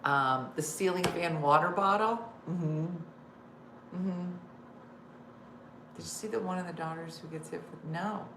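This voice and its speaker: Woman host, middle-aged, casual live-stream chat, lowish voice, echoey room, faint hiss. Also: unhurried, pauses often. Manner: chatty, laughing, reads viewer comments aloud.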